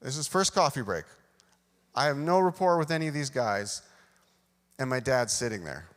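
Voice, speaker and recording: A man's voice: medium pitch, animated, moderate pace. A man preaching a sermon, telling a self-deprecating personal story and acting out the dialogue. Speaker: pastor. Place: church sanctuary. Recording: long hall reverb.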